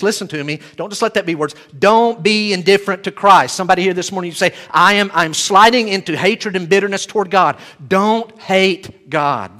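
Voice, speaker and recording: A pastor with a slightly high voice preaches a sermon emphatically. He swings between loud declarations and hushed asides.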